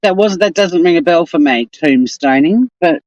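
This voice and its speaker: An Australian woman hosts a casual live stream, wandering from story to story in an offhand, rambling way. Her exasperation shows in quick asides. The sound is dry and close, and a bit dull and muffled. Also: fairly low pitch, animated, a little mellow, no echo.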